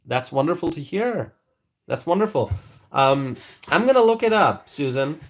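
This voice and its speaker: A man's voice: a little high, very animated, moderate pace. A man hosting a live stream, chatting casually with viewers and reading their comments in a rambling, hesitant way. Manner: rambling, hesitant, with frequent restarts.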